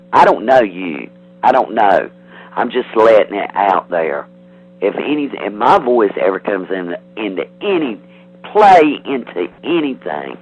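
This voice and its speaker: A man on a heated phone call, defensive and threatening, rambling with restarts. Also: fairly low pitch. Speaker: prank call target. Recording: tinny phone line, faint hiss.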